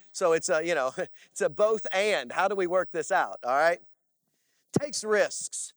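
Guy preaching, animated storyteller, kinda high voice, dry sound. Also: measured pace, no echo. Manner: animated storytelling with frequent "all right?" asides. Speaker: pastor. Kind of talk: sermon.

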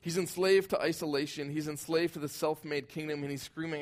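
Earnest preaching man, slightly high voice. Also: steady tone, fairly quick. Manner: earnest preaching, rising to loud emphatic outbursts, dropping low and soft. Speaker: pastor. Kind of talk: sermon.

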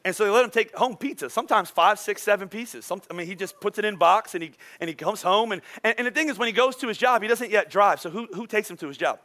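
A man's voice: high-pitched, fast talker, hardly any pauses. A man in his forties preaching a sermon to his congregation, throwing questions at them and acting out children's outbursts. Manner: animated, acts out kids' outbursts; talks to the congregation, asks questions. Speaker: pastor.

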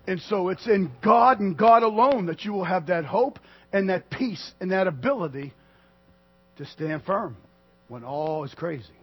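A man preaching a sermon to a congregation, swinging from loud declarations to quiet asides. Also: sits high, expressive, unhurried, breathy edge, lo-fi sound. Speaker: pastor.

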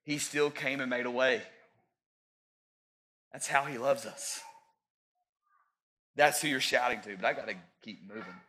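A man in his thirties preaching a sermon as pastor, rising to loud peaks and dropping into joking asides. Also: mid-range voice, fairly even intonation, a little slow, long pauses.

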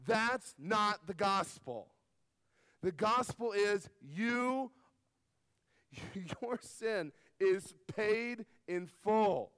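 A middle-aged man preaching a sermon, stressing key words loudly and dropping to quiet asides. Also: high voice, smooth, no room sound. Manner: emphatic preaching that swings between loud stresses and soft asides. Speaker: pastor.

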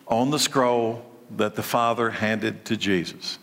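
A man preaching a sermon, his delivery lively and swinging between loud and soft. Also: lowish voice, slow. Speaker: pastor. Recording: long hall reverb.

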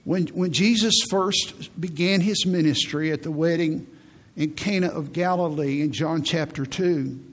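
Husky-voiced man preaching with emphasis. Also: on the high side. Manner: emphatic, repeats phrases for stress. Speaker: pastor. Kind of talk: sermon.

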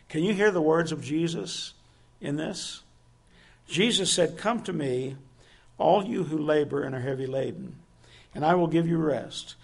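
A man's voice: a little high, vocal fry, slightly rough. A man preaching a sermon, earnest and asking his listeners direct questions.

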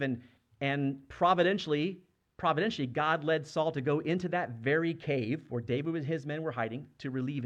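A man in his thirties or younger preaching a sermon, earnest and conversational, often asking the congregation questions. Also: mid-range voice. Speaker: pastor.

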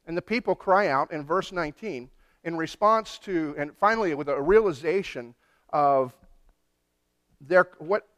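A pastor preaching a conversational sermon, often repeating words as he searches for the phrasing. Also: on the high side.

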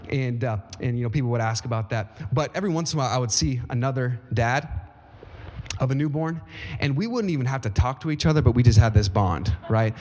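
A man's voice: mid-range voice, fairly quick, darkish tone. A man in his thirties preaching a sermon as pastor, with emphatic rises and folksy asides to the congregation. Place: church sanctuary. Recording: long hall reverb.

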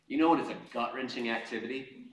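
A male pastor preaching a sermon to his congregation, impassioned and conversational, swinging from loud urging to quiet asides and calling on the room to answer. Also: mid-range voice, fast, slight background noise. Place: church hall before a congregation. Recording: echoey hall, mic at a distance.

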